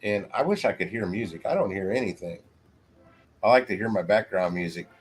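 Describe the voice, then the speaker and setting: A man hosting a casual livestream, rambling along with halting restarts. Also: low voice, expressive, husky. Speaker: livestream host.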